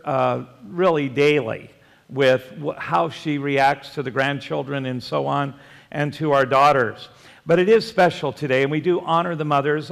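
A man's voice: on the high side, creaky, a bit bright, long reverb tail. An older man preaching a sermon as pastor, a folksy storyteller who works jokes into his message. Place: church sanctuary.

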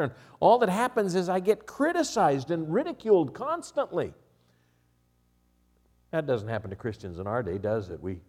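A man preaching a sermon, swinging from quiet asides to raised, emphatic passages and chuckling at his own jokes. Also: mid-range voice. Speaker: pastor.

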